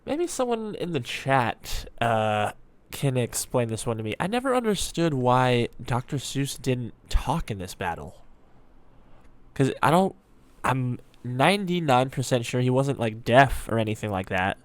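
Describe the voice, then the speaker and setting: A man chatting casually as he reacts to a video, thinking out loud with plenty of ums and half-finished thoughts. His voice sits at an ordinary middle pitch. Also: big pitch swings, measured pace, clear, resonant tone, no room sound. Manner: rambling, musing aloud with frequent ums.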